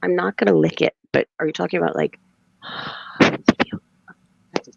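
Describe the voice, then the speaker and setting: A woman's voice: lowish voice, normal speed, creaky, husky, no echo, highs cut off. A woman with a lisp, co-hosting a casual late-night livestream chat, giggling and scattered as she talks. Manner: giggly, scattered, laughing often. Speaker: livestream co-host.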